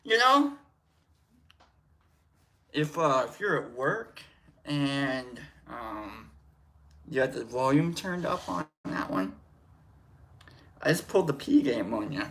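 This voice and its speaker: A man's voice: on the high side, lively intonation, slow pace, long pauses, fairly bright tone. A man hosting a casual livestream, rambling and joking while greeting viewers by name. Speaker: livestream host.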